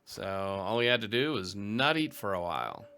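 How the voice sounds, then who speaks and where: A man's voice: fairly low pitch, lively intonation, normal speed, pushed and bright, clean tone. A man commentating a strategy game, reading event text aloud with dry, wry asides. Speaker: let's play host.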